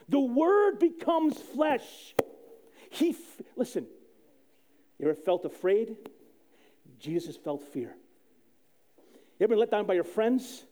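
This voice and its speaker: A male pastor preaching in a high, very lively voice with a mellow, dark tone. He tells stories with sudden drops to near-hushed speech and loud, punchy quoted lines. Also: a little slow, long pauses. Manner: animated storytelling with sudden soft drops and loud quoted outbursts. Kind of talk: sermon.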